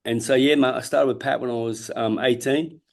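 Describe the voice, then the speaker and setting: A former world champion boxer in his fifties from Perth, Australia, speaks as an interview guest with an Australian accent. His mid-range, creaky voice is fairly quick with fairly even intonation, and he tells his story candidly and earnestly, swearing freely and often restarting sentences.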